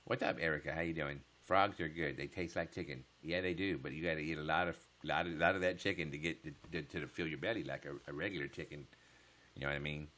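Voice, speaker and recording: A man hosting a casual late-night livestream, joking crudely with viewers and laughing often, sometimes dropping to a hush. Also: a bass voice, steady tone, quick pace. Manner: drops to a hush so as not to wake his household. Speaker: livestream host.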